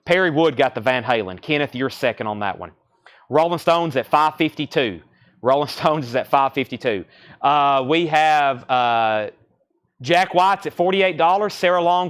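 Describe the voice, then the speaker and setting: A man in his thirties hosting a live-stream record sale, rattling off bids, buyer names and record details in a quick, rambling patter. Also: a little high, lively intonation, a bit bright, clear, resonant tone.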